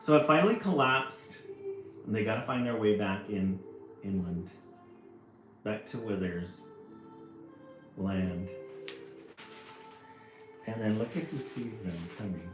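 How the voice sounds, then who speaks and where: Male storybook reader, fairly low voice, chatty asides, echoey room. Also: slow pace, long pauses. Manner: lively, chatty asides about the pictures. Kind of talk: reading a picture book aloud with commentary. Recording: echoey room, faint music.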